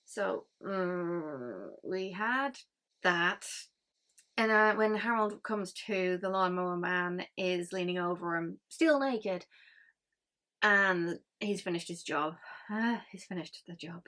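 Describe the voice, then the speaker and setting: A woman's voice: fairly low pitch, slow, sharp tone. A woman gives a casual spoken book review, chatty and rambling with many ums and frank grumbles.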